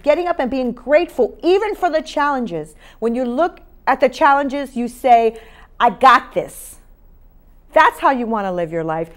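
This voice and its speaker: A woman hosting a talk show in a studio, speaking emphatically and urging listeners with faith-based motivation, often repeating her key phrases. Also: high voice.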